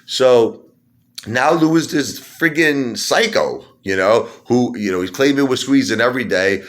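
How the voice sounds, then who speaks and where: Brief: excitable male vlogger, rants and mocks, voice jumps up and down a lot. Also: medium pitch, a little slow. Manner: excitable, mocking, swings between loud and muttering. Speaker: stock-market video host. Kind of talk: animated ranting monologue.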